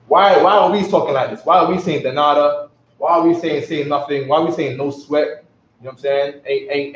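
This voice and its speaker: A man's voice: mid-range voice, slight background noise. Slangy man lecturing in an echoey room. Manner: slangy, keeps asking "you know what I'm saying". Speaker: teacher. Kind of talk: casual classroom lecture. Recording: echoey room, distant mic, dull lo-fi.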